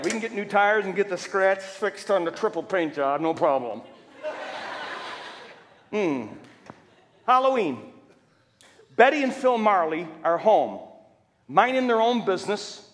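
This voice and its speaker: Animated high-voiced preacher in an echoing hall. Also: male voice, unhurried, pauses often, slight background noise. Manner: animated, acts out quotes with humor. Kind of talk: storytelling sermon. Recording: reverberant church hall.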